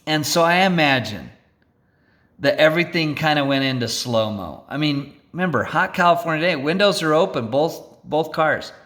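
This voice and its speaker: A man telling a road-rage story to an audience in an animated, theatrical way, often checking in with "right?" and "okay?". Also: fairly high pitch, moderate pace. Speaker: storyteller speaker.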